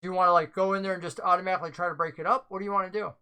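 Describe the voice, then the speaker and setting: Bright voiced game master narrating a tabletop game, talks through the rules out loud. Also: medium pitch, fairly even intonation, racing, clean tone, rough recording. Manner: explains rules at length, thinking aloud.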